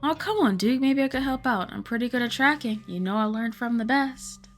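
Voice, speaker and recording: A woman's voice: fairly high pitch, a little fast, faint music behind, pitched above the performer's own voice, close to an everyday voice. A woman voicing a chipper, nosy young female cryptid hunter, reading a game aloud in an upbeat, breezy way. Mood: eager.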